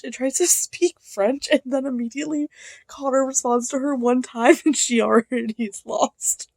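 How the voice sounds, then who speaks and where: A young woman chatting casually about a book in a reading vlog, excitable and full of fillers, swinging between hushed asides and loud outbursts. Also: sits high, moderate pace, no room sound. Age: young adult. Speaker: book vlogger.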